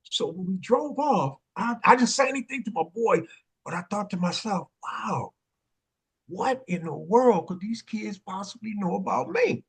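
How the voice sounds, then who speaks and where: An older man tells a story in a high, husky voice. His pitch swings wide as he acts out every voice in it, with plenty of street slang and mounting excitement. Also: normal speed. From Oakland, California. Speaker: panel guest, dance pioneer. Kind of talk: animated storytelling in a panel conversation.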